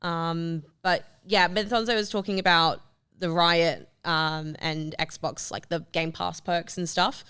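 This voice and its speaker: A woman's voice: on the low side, fairly even intonation, slow, a bit bright, clean tone. An Australian woman co-hosting a gaming show, chatting casually with many fillers. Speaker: show co-host. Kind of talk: casual chat.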